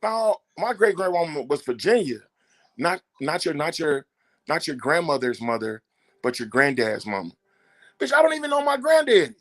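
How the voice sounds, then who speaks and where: Speaking a little high at normal speed, this podcast guest spins casual stories full of curses. He brings them to life animatedly, doing the voices of the people involved when he quotes them.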